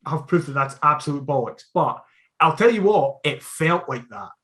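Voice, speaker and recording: A Scottish man talks football on a podcast in a slightly raised voice. He swears freely and gives blunt, lively opinions. The talk is casual and fast to react. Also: on the high side. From Scotland. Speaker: podcast co-host.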